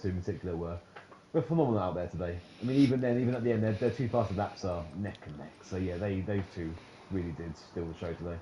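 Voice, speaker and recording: A man giving casual, joking post-race commentary on a league race, with the odd swear. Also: lowish voice. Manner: animated, jokey, swears casually. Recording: echoey room with noise.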